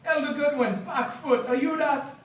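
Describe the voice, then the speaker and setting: A man's voice: extremely high pitch, fairly even intonation, moderate pace, a little hiss or hum, voice pushed up. A man reading aloud and voicing a jovial Jamaican male taxi driver, with a hearty, chuckling manner. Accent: Jamaican patois. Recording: roomy, distant, faint background.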